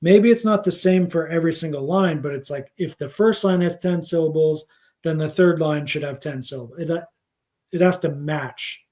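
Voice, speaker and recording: Man, scripture teacher, casual livestream lesson, rambling with fillers, mellow tone, slightly high pitch. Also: moderate pace. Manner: rambling, many fillers, thinks aloud. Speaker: spiritual teacher.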